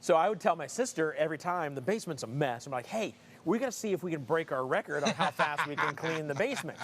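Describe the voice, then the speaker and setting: In a showroom with staff working in the background, a middle-aged live stream co-host tells jokey stories and laughs a lot. His voice is fairly high, expressive, and a bit bright, and he talks fast during the casual banter.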